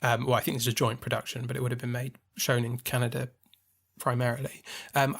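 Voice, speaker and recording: A man's voice: mid-range voice, a bit bright. A man co-hosting a film podcast, explaining his views at length with enthusiasm. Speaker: podcast co-host. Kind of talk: casual film discussion.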